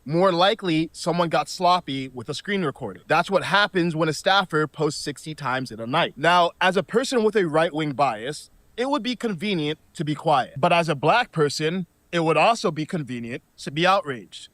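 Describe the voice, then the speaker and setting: A man giving scripted video commentary in a measured, reasoned delivery. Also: on the high side, animated, a bit bright, no echo.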